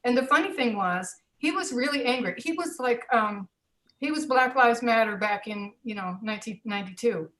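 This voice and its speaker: A woman's voice: on the high side, expressive, moderate pace, a bit bright, low-quality recording. Woman, 60s, former teacher as guest; storyteller who animates the quoted dialogue. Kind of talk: personal storytelling.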